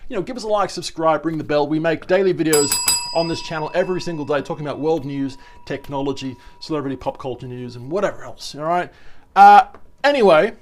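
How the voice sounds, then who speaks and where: A man, chatting casually to camera in a rambling, enthusiastic vlog. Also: a little high. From Australia. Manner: rambling, chatty, with restarts and asides. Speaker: vlogger.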